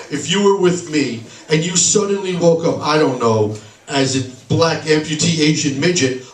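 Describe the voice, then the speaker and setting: Man, stand-up comic, sarcastic, slightly high voice, echoey bar, heard from afar. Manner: sarcastic, deadpan punchlines. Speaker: stand-up comedian. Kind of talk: stand-up comedy set. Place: bar stage, live room. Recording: echoey bar recorded from a distance.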